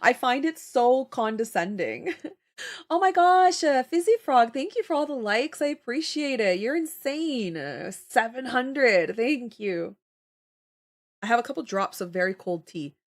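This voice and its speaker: A young adult woman, chatting casually with her live viewers. She talks in an animated way, laughs often and answers viewer comments as they come in. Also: on the high side, measured pace. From Canada. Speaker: livestreamer.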